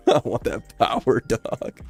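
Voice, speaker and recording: A man's voice: mid-range voice, lively intonation, takes it slowly, soft background music. A young man streaming casually, talking in loose slang and laughing often. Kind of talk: casual live-stream chat.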